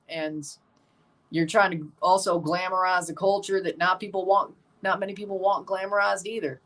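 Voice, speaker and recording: A man hosting a casual livestream, rambling, chatting with viewers and turning loud and emphatic when he passes judgment. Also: sits high, fairly even intonation, normal speed, far from the mic. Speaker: livestream host ranking soccer kits.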